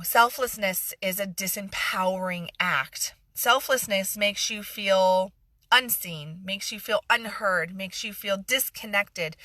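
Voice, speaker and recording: A woman's voice: mid-range voice, pushed and bright, no echo. A middle-aged woman coach giving a passionate motivational talk on a phone livestream, repeating phrases for emphasis and slipping into sarcasm. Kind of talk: live-streamed motivational talk.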